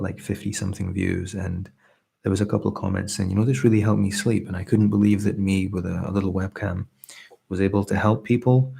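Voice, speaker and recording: A man with a softened Scottish accent speaks in a very low, heavily gravelly voice with a husky edge. He hosts a soft-spoken ASMR live stream, reading out viewers' comments between pauses. His manner is earnest and grateful. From Scotland.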